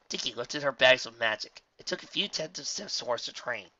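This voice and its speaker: A man narrating a fan fiction audiobook with expressive storytelling. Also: mid-range voice, brisk, hardly any pauses, lo-fi sound. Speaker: reader.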